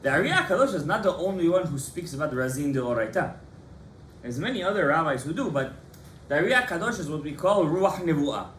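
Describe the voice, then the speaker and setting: Impassioned rabbi teaching in an echoey hall. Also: male voice, fairly high pitch, fast, slight background noise. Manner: animated and impassioned, quizzing students by name. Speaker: rabbi teaching a Torah class. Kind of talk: lively Torah class lecture.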